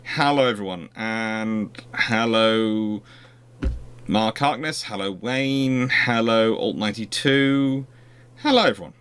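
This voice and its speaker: A man's voice: lowish voice, slow, a bit bright, clean tone. Rambling man hosting a livestream. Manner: rambling, conversational, frequent restarts. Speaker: host. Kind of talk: casual livestream chat.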